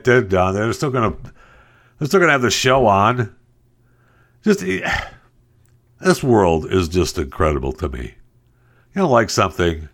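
A male talk host with a fairly low voice riffs on the day's news. He is sarcastic and exasperated, jumping up into mocking high notes and dropping back to a grumble. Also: fairly bright tone. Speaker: radio show host. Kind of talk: opinionated news commentary.

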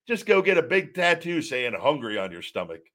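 A man's voice: fairly high pitch, sing-song, brisk, a bit bright. A man hosting a live show, rambling candidly as he reads out viewer questions and answers them off the cuff. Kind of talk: casual live-stream chat.

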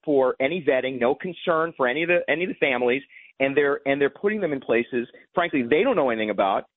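A man's voice: mid-range voice, animated, no echo. A man calling in to a radio show as a congressman guest, making emphatic points. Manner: emphatic, talking points delivered quickly. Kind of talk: political interview on call-in radio. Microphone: telephone. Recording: tinny phone line.

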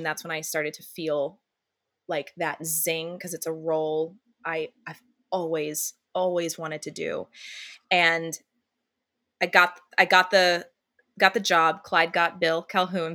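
A woman, a musical theater actress, chatting as a guest in a casual interview and telling candid, animated stories while swearing freely. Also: low voice.

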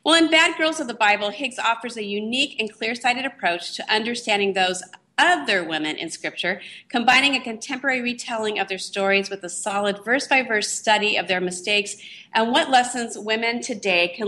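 A woman co-hosts a faith-based radio talk show, with a bright, crisp voice. She sits a little above middle pitch. She reads a book introduction and then chats with her guest. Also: brisk. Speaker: radio co-host.

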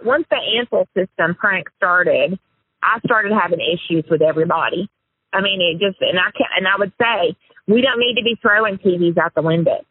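A woman's voice: on the low side, moderate pace, breathy edge, no echo. Woman rambling over a tinny phone line. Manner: rambling, self-interrupting, confessional. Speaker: interviewee, former prank caller. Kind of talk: casual interview.

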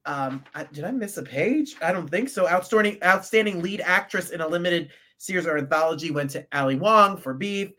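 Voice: medium pitch, lively intonation, brisk, hardly any pauses, sharp tone. A podcast co-host reading out award winners from printed notes in a casual way, with fillers and stumbles.

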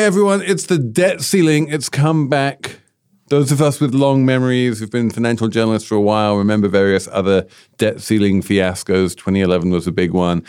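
A man with a British accent hosting a finance podcast, talking in a wry, lively way with playful emphasis. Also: lowish voice, clear, resonant tone, no echo, studio quality. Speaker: podcast host. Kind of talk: casual podcast chat.

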